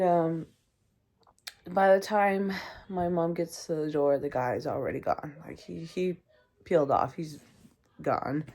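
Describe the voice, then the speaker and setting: With a lowish, mellow voice, a young Canadian woman recounts a personal story on her podcast. She keeps it casual and chatty, using lots of ums and acting out different voices.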